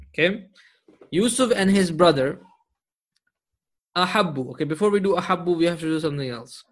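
Male language teacher, somewhat high voice, patient, slow drawn-out explanations for a class. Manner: patient, quizzing students with frequent "okay?" and "hmm?". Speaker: Arabic teacher. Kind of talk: classroom grammar lesson.

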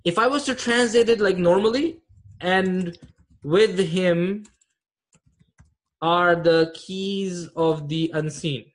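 Guy with a high voice running an online arabic grammar class, patient, keeps asking if everyone gets it. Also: slow, long pauses. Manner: patient, checks understanding often.

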